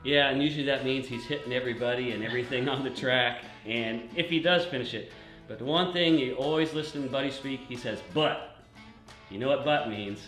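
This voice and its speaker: A man's voice: mid-range voice, fast talker, fairly bright tone, roomy sound, faint music behind, poor audio. A man hosting a casual racing talk show, joking and often laughing. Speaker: host. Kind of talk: casual chat.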